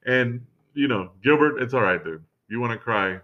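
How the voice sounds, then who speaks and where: A man's voice: medium pitch, normal speed. Laid-back man reminiscing on a podcast. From Miami. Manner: relaxed, swears freely, reminiscing. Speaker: podcast co-host. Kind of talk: casual chat. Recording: dull lo-fi recording.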